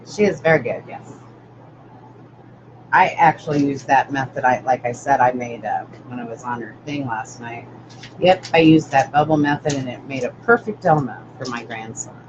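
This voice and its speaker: A woman's voice: rumbling low, moderate pace. An older woman hosting a live-stream craft tutorial, rambling chattily and greeting viewers by name as she works. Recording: dull lo-fi audio with steady noise.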